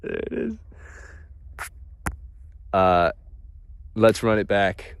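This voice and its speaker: A laid-back man talks on a late-night livestream, dragging out his words at an unhurried pace. His pitch swoops up and down freely, and he sounds loose, awed and casually profane. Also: huge pitch swings, gravelly, smooth.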